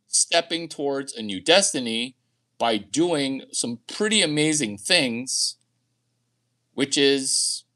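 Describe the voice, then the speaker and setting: A man's voice: fairly high pitch, bright, forceful tone. A man talking to camera in a rambling, crude, boastful monologue, often laughing at his own jokes. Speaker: vlogger.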